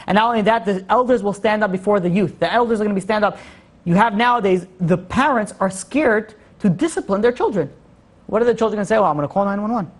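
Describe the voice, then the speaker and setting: Fast-talking rabbi giving a lively class. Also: male voice, high voice. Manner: animated, rhetorical questions, joking asides. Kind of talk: Torah class lecture.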